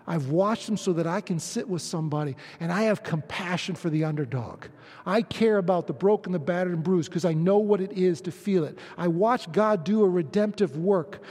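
A middle-aged man preaching a personal testimony sermon, moving from quiet storytelling to impassioned shouting. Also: high-pitched, in a large hall. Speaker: pastor.

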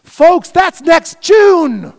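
A middle-aged man preaching a sermon as pastor of his church, swinging from loud shouted appeals down to soft, quiet prayer. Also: extremely high pitch, sing-song, drawn-out words, creaky. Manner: builds to loud shouted pleas, then drops to soft prayer. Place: church sanctuary. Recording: long hall reverb.

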